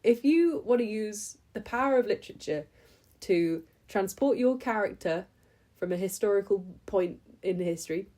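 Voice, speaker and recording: A woman's voice: mid-range voice, lively intonation, normal speed, dark tone. A young woman talking through books she read in a chatty, enthusiastic vlog, with lots of ums and restarts. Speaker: book vlogger. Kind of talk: casual book review chat.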